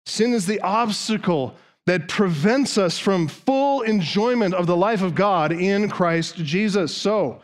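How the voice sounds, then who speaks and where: A man's voice: high-pitched, expressive, slow, hardly any pauses. A man preaching a sermon, driving his point with long runs of rhetorical questions. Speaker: pastor.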